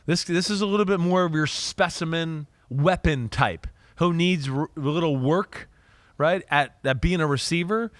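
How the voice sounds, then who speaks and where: Guy host talking football, kinda high voice, emphatic, keeps saying right?, dry studio sound. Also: dry recording. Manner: animated, emphatic, frequent "right?" tags. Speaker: podcast host, former quarterback. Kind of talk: casual football analysis chat.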